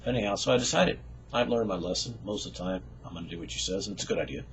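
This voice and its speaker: Lower-voiced man telling a story. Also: very fast, a little hiss or hum, low-quality recording. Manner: conversational, folksy, with fillers and chuckles. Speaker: storyteller sharing a faith testimony. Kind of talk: casual spoken storytelling.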